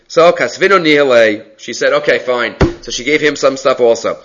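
Bright-voiced man teaching a text class. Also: medium pitch, moderate pace, lo-fi sound. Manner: reads text aloud and explains it conversationally; answers student questions. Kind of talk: Talmud class lecture.

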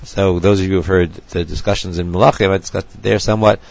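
A man teaching a text lecture, measured and thinking aloud as he goes. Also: low voice, steady tone, creaky, muffled recording, slight background noise. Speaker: Torah teacher.

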